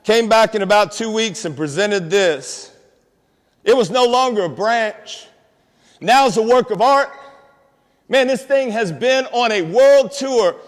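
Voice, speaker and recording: A man's voice: high voice, measured pace. A man, giving a streetwise, preachy motivational talk to students and calling out to the crowd. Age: 50s. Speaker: motivational speaker. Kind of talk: inspirational school assembly talk. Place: school auditorium. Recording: long hall reverb in a large auditorium.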